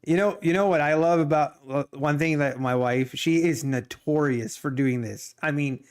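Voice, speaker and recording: A man's voice: fairly high pitch, moderate pace, clean tone. A middle-aged man chatting casually on his live trading stream, joking, laughing often and rambling as he answers viewer chat. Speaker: live-streaming day trader.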